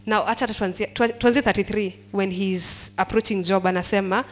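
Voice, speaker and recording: A woman's voice: medium pitch, fairly even intonation, normal speed, few pauses. A woman leading a Bible study, reading verses aloud and quizzing the group as she explains them. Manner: mixes English and Swahili, asks the group questions and prompts them to finish lines.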